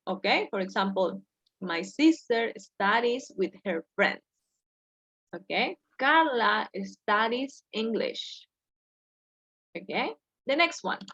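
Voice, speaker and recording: A woman's voice: fairly high pitch, a bit bright, muffled recording. A woman teaching an English class over a video call, patiently correcting her students step by step.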